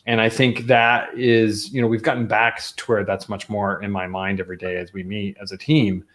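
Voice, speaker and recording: A man's voice: lowish voice, little pitch movement, moderate pace, a bit bright. A man hosting a business talk show, rambling and conversational with many restarts. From Colorado, US. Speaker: podcast host. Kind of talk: casual talk with ad segment.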